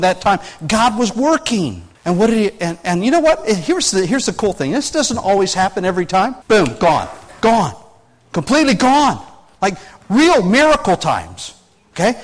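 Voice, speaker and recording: High-voiced man preaching a conversational sermon. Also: low-quality recording. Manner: earnest, animated, frequent restarts, asks the audience questions. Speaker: pastor.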